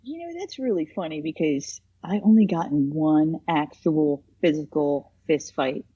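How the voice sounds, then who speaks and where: A woman's voice: sits low, expressive, unhurried, dark tone, husky, muffled recording. A woman therapist in casual chat, telling stories animatedly and acting out the people she quotes.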